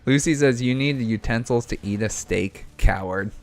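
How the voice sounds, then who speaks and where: A man's voice: mid-range voice, normal speed, faint music behind. A man co-hosting a casual gaming livestream, reading chat messages aloud, rambling and laughing often.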